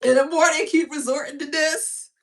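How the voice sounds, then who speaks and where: A woman's voice: high-pitched, normal speed. A woman giving a casual spiritual reading, talking in a blunt, mocking, slangy way. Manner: animated, blunt and mocking, with frequent slang and laughs. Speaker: spiritual reader.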